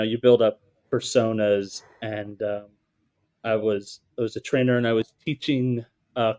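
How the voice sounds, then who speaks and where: A man co-hosts a relaxed podcast, telling stories in a jokey, easygoing way. His voice sits at a middle pitch. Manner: jokey, laughing often. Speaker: podcast co-host. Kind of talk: casual podcast conversation.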